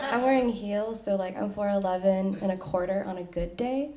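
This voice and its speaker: A woman at an open mic, bubbly and giggly as she chats, then reading her poem in a measured way. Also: medium pitch, crowd noise. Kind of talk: poetry reading after casual chat. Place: open mic at a poetry library. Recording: distant mic in a room.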